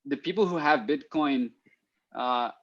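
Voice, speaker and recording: A man in casual conversation as a podcast guest, thinking aloud and restarting his sentences with repeated words. His voice sits at a middle pitch, and the sound is dry and muffled, with a lo-fi quality. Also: a little slow, a bit bright, no echo. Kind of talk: casual chat.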